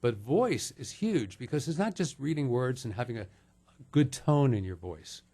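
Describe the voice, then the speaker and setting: A man's voice: mid-range voice, very animated, moderate pace, mellow. A middle-aged man, a voiceover actor, talking casually and jokingly as a guest on a chat show, with fillers and restarts.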